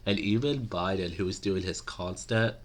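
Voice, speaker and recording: Deep-voiced man, rambling opinions. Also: moderate pace. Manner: rambling, opinionated, with many fillers. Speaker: political commentary vlogger. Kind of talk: casual political commentary.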